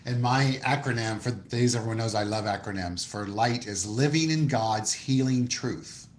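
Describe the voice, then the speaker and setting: A man's voice: mid-range voice, normal speed. A man, a minister, giving an earnest, explanatory conversational sermon. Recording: echoey room.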